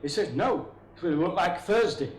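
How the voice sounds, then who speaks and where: A man's voice: high-pitched, fast, slight background noise. A man telling rambling, crude jokes on stage, chuckling at his own punchlines. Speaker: stand-up comedian. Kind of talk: stand-up joke telling. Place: comedy venue with a live audience. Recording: echoey room, crowd laughter.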